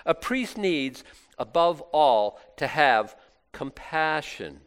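A man's voice: on the high side, very animated, slow pace, a bit bright, smooth. A middle-aged man preaching a casual, conversational sermon, acting out little asides and laughing now and then. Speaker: pastor.

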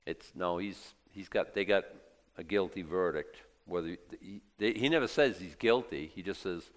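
A man preaching a sermon, reading scripture aloud and breaking into lively acted asides. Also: low-pitched, normal speed, in a large hall. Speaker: pastor.

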